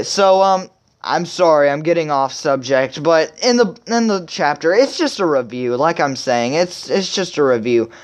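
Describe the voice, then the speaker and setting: A young man hosting a video and recapping a comic chapter in a rambling, filler-heavy casual way. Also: on the high side. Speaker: video host.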